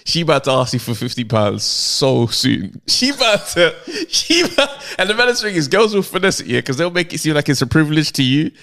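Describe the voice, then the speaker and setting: A man's voice: a little high, a little fast, creaky, few pauses. A man, co-hosting a comedy podcast and telling stories animatedly, with frequent laughs. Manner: animated storytelling, laughs often. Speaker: podcast co-host. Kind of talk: casual comedic chat.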